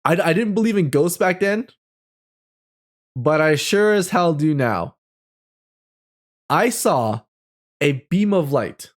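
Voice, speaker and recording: Male, 30s, host recounting a childhood ghost story; expressive, chatty, rambling delivery. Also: on the high side, slow pace, long pauses. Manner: animated storytelling with frequent laughter and fillers. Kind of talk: telling a personal ghost story.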